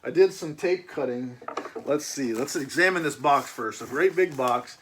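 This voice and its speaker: A man's voice: medium pitch, moderate pace, a bit bright, slight background noise. A man hosting his book channel, chatting casually and telling rambling, folksy stories while he unboxes a package.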